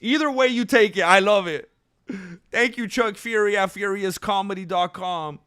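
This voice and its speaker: A man's voice: high-pitched, normal speed, sharp tone, clear, resonant tone, dry recording, clean studio sound. A man hosting a live stream, reading viewer comments and bantering in a laid-back, chuckling way.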